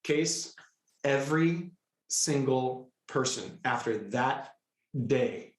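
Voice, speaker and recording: A middle-aged man telling a personal story with excitable, animated energy, often breaking into quoted dialogue. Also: mid-range voice, takes it slowly. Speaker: guest, healer. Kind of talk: storytelling in a conversational interview. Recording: echoey room.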